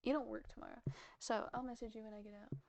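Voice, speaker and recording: Woman streamer, a little high-pitched, casual and chatty, talking to her viewers while she crafts. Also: fairly even intonation, fast, vocal fry, a little mellow, dry recording. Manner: chatty, answering viewers and saying goodnights. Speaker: livestreamer. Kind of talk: casual live-stream chat while crocheting.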